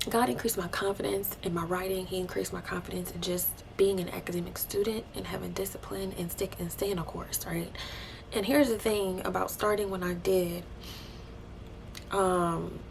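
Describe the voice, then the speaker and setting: A young woman telling a personal faith testimony, emotional and animated, dropping into breathy hushed asides. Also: medium pitch, normal speed, a little hiss or hum. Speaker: vlogger sharing a faith testimony.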